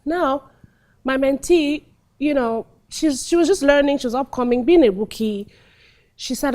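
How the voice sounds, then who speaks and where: Animated woman acting coach. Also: sits high, moderate pace. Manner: animated, acts out scenes, drops to hushed tones. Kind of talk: teaching monologue with acted examples.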